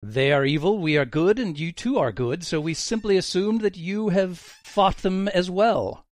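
A man's voice: sits high, normal speed, no room sound, close to an everyday voice. A man voicing a pompous, flowery male bard who speaks in a grand stage persona. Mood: grandiose. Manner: grandiose and theatrical.

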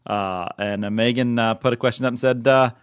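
A man's voice: mid-range voice, fairly even intonation, fairly quick, clean tone, no echo, clean studio sound. A man hosting a podcast in casual chat, rambling with many fillers and frequent chuckles. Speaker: podcast host.

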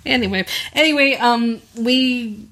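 A woman's voice: on the high side, unhurried, fairly bright tone. Wry, opinionated woman co-host. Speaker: podcast co-host. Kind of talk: casual chat.

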